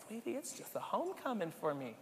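A man voicing a very old woman who speaks gently and calls people honey and sweetie, with no fear of death. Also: sits high, huge pitch swings, quick pace, long reverb tail, a little hiss or hum. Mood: serene. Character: sweet elderly woman, calm, unafraid of death.

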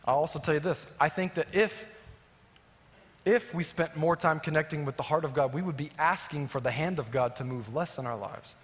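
A man preaching as a pastor, swinging between emphatic rising lines and soft, low endings. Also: normal speed. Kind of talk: sermon. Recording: long hall reverb.

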